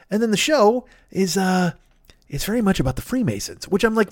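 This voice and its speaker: A man's voice: high voice, big pitch swings, a little fast, dry recording, studio quality. Rambling, profane man reading a podcast plug. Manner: rambling, profane, jokey asides. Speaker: podcast host. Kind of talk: casual podcast ad read.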